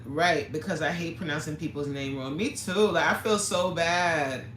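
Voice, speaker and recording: A woman's voice: low-pitched, echoey room, a little hiss or hum. A woman fitness coach hosting a casual livestream, reading viewer comments aloud with playful, slangy banter and frequent laughter.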